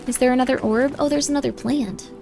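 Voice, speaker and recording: A woman's voice: sits high, fairly even intonation, quick pace, vocal fry, a little mellow. A woman streamer chatting casually while playing a game, rambling with lots of filler words. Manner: rambling, heavy use of 'like'. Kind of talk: casual gaming livestream chat. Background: faint game music.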